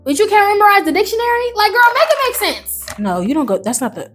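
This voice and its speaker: Young woman, casual vlog chat, high-pitched, very expressive, cusses, light background music. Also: fast talker. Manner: animated, swears freely, sudden high exclamations. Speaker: vlogger. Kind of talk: casual chat while doing a puzzle.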